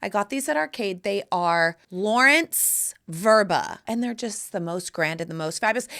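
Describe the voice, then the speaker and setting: A woman's voice: mid-range voice, expressive, normal speed, hardly any pauses, bright, forceful tone. A woman in her forties hosting her own podcast, talking in a sassy, theatrical way and calling the listener "honey". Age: 40s. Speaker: podcast host. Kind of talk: casual solo podcast monologue.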